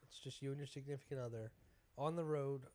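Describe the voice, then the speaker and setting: A man's voice: medium pitch, quick pace, a little mellow. A man from the United States, a comedian, in casual joking chat with loose, profane talk.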